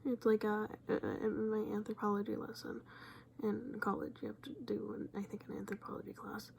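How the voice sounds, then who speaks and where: Young woman, gravelly, mellow, rambling reaction chat, slips into whispers, faint noise behind. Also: medium pitch, completely flat delivery, brisk. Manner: rambling, often drops to a whisper. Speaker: viewer commenting on a video. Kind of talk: casual reaction commentary.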